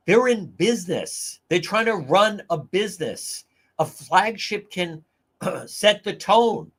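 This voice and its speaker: A man's voice: sits high, big pitch swings, unhurried, a bit bright. A man hosting a livestream talk show, ranting incredulously through opinionated news commentary and addressing viewers as folks.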